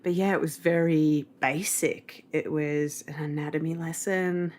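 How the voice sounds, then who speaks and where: A woman's voice: low-pitched, fairly even intonation, unhurried, a little mellow. A woman with an Australian accent, talking candidly and playfully as a podcast guest while lying in bed. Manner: candid and playful, laughs easily. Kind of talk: casual interview chat.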